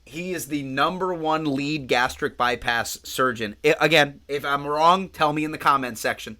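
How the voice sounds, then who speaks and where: A man's voice: fairly high pitch, normal speed. A man co-hosting a fitness podcast, telling rambling, profane stories in a casual chat. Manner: rambling, profane, animated storytelling. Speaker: podcast co-host.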